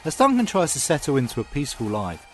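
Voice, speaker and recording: Talking fast in a mid-range voice, this film podcast co-host is enthusiastic and animated as he moves between casual chat and scripted review narration. Faint music plays in the background.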